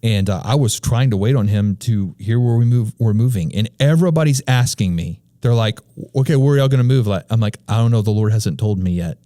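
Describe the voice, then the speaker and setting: A man's voice: mid-range voice, brisk, few pauses, mellow, no echo, clean studio sound. A man co-hosting a church podcast, telling personal faith stories in an earnest, conversational way and often repeating his key phrases.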